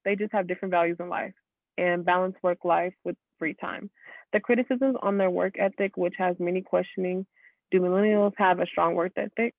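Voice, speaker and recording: A man's voice: high-pitched, fairly even intonation, a little fast, creaky, no echo, phone-quality sound. A man who is a student, reading a passage aloud in class and stumbling over a few words, then correcting himself.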